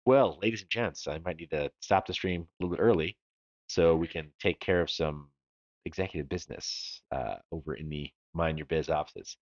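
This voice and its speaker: A man's voice: rumbling low, moderate pace, no echo, lo-fi sound. A man co-hosting a live stream, chatting casually and joking as he reads viewer comments aloud. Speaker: livestream co-host.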